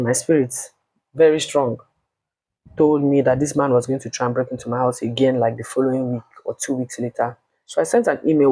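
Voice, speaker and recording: A woman with a Nigerian accent telling a personal story in a casual, blunt and animated way, swearing freely. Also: extremely low pitch, slightly rough, no room sound, rough recording.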